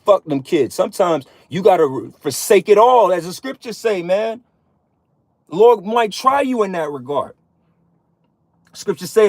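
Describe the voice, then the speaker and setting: A high-pitched, expressive man in his thirties speaks unhurriedly and pauses often, with no echo. As a religious vlogger, he gives a profane street-preaching monologue to other men, blunt and frequently punctuated with "man."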